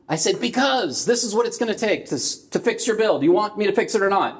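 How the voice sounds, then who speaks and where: A man's voice: high-pitched, expressive, quick pace, few pauses. A middle-aged man from California preaching a sermon, telling a personal story and acting out the voices in it. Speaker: pastor.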